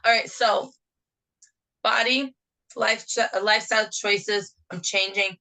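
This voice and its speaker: A woman's voice: mid-range voice, fairly even intonation, slow pace, bright, forceful tone, low-quality recording. A woman with a New Jersey accent co-hosting a casual chat podcast, talkative and rambling from topic to topic. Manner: chatty, rambling, jumps between topics. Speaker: podcast co-host.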